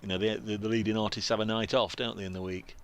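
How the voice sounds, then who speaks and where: Man, cricket co-commentator, very deep voice, rambling, jokey, faint hiss. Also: little pitch movement, fast talker. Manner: rambling, many fillers and restarts, jokey. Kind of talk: casual commentary chat.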